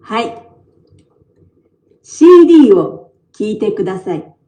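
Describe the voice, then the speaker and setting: A woman playing a teacher in a scripted classroom video, giving clear instructions to students. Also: medium pitch, big pitch swings, normal speed, dark tone, close to an everyday voice. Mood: instructing. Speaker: teacher in a textbook video clip.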